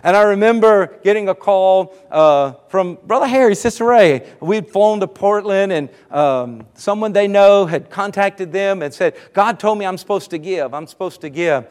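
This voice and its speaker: A man pastor telling a story in a sermon, animated and breaking into praise. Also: high voice, moderate pace, few pauses, smooth. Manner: animated, rises to exclamations of praise.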